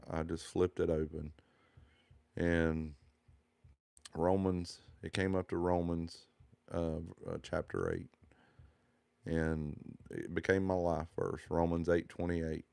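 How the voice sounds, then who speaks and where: A man's voice: sits low, vocal fry, mellow, no echo. A man, telling his personal testimony in an earnest, heartfelt, rambling way.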